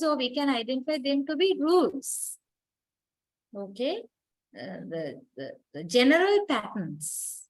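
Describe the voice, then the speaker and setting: Non-native English woman teacher, unhurried, a bit high-pitched, repeats words as she explains. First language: not English. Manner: patient, explains step by step, repeats words to model stress, checks in with "right?". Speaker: English linguistics lecturer. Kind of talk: recorded university lecture.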